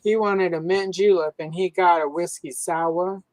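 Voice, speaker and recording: A low-pitched woman from the American South chats casually as a show host, spinning joking stories with an easy drawl. Her voice sits close and dry, with almost no room sound around it. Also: fairly even intonation, unhurried, darkish tone, no echo, low-quality recording. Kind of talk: casual podcast chat.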